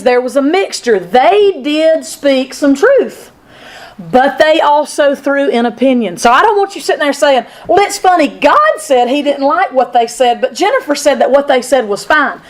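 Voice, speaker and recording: A woman teaching a women's Sunday school lesson, talking in an animated, conversational way to her class. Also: high-pitched, a little slow. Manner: animated and conversational, acting out Bible speakers. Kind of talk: women's Bible study lesson. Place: church classroom with a group.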